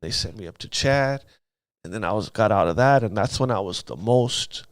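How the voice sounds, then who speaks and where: A man's voice: lowish voice, lively intonation, moderate pace, dry recording, studio quality. A man telling his life story in an interview, in casual street slang, often asking "you know what I mean". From Los Angeles area. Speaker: guest.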